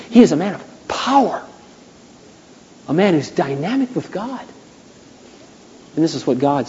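A man pastor preaching a sermon, emphatic and repeating phrases, building to loud preaching. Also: sits high. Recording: long hall reverb.

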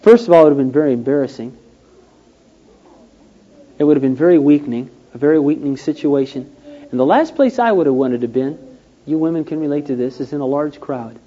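Male preacher, slightly high, warm voice, storytelling sermon, dull lo-fi recording. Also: fairly quick, pauses often. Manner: storytelling with acted-out quotes, rising and falling emphasis.

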